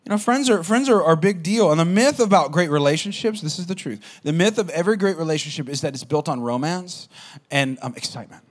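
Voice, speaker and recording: Lively storytelling preacher man. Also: fairly high pitch, quick pace. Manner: animated storytelling, talks straight to the audience. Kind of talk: sermon with a personal story.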